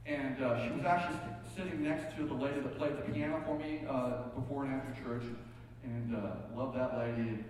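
A man's voice: mid-range voice, steady tone, brisk, a little mellow, a little hiss or hum. A male pastor preaching a sermon, telling folksy stories with joking asides. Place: church sanctuary. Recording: echoey hall from far off.

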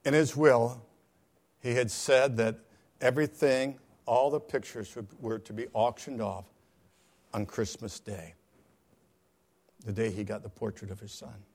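A male pastor telling a story in a sermon, dramatic, swinging from hushed tones to loud cries. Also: medium pitch, steady tone, measured pace, long pauses.

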